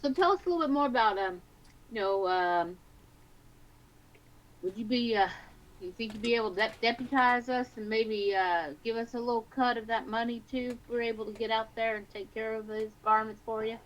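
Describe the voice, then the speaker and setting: A woman's voice: fairly high pitch, fairly quick, highs cut off. A woman playing a tabletop game, talking casually and hesitantly as she asks questions in character. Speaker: player. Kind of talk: tabletop role-play chat.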